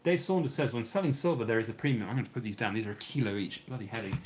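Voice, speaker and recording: Racing along with lively intonation at medium pitch, a British man reads viewer comments on a long, casual live stream and answers in a rambling way. His voice is getting worn and beginning to fail, against slight background noise.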